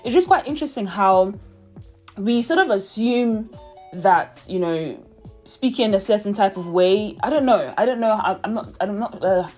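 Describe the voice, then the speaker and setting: A young woman from Nigeria with a British English accent, chatting to camera in a reflective, easygoing way. Her voice sits at an ordinary middle pitch, and she fills her talk with "like" and "um" and laughs lightly as she goes. There is faint music under her voice. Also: animated, normal speed, darkish tone. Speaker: vlogger. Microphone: camera mic, talking to camera.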